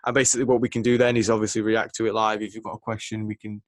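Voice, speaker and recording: A man's voice: on the low side, level tone, racing, no room sound. A young man from England hosting a casual podcast, rambling with lots of ums and laughs. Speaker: podcast host.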